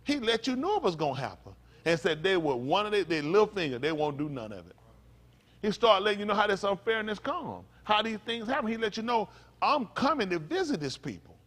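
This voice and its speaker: Man, pastor, conversational sermon, folksy, rhetorical questions, somewhat high voice. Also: big pitch swings, fairly bright tone. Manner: loose, folksy preaching with rhetorical questions to the congregation; stops to spell out Hebrew words slowly.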